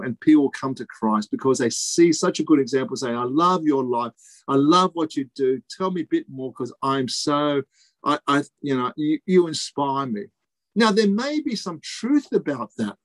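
A man preaching a sermon, emphatic, repeating key phrases and pausing for effect. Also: on the high side, no echo.

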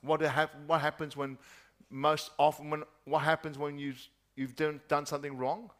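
A man preaching a sermon, asking repeated rhetorical questions and dropping his voice soft at key points. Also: a little high, flat delivery, moderate pace.

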